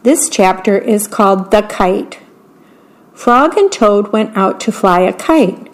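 A woman reading a children's bedtime story aloud as a volunteer radio reader, in a slow, clear, gentle way. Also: medium pitch, lively intonation.

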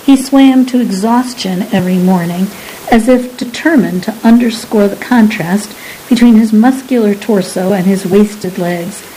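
A woman narrating an audiobook in a measured, unhurried way. Her voice is mellow and soft-edged, with a faint hiss under the recording. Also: medium pitch, low-quality recording.

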